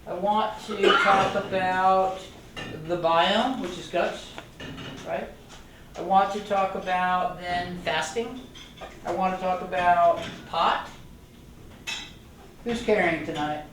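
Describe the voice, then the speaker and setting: A man's voice: high-pitched, steady tone, slow, pauses often, noisy background. An older man, a retired doctor, giving an enthusiastic, rambling informal lecture to a club audience and joking with them. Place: meeting room. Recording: echoey room, voice from a distant mic.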